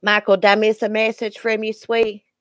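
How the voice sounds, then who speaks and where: A woman's voice: medium pitch, flat delivery, a little fast, fairly bright tone, no echo, studio quality. A middle-aged woman from Southwest Virginia with a Southern Appalachian accent, chatting folksily with her live viewers and calling them by name. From Southwest Virginia, grew up partly in Eastern Kentucky. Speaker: livestream host. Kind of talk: casual chat with live viewers.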